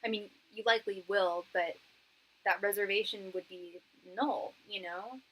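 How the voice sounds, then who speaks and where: A woman's voice: medium pitch, steady tone, moderate pace, fairly bright tone, husky, poor audio. A woman tarot reader doing a live-stream reading, talking in a chatty, slangy way, calling viewers girl and hon and thanking them for donations. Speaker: tarot reader and psychic medium.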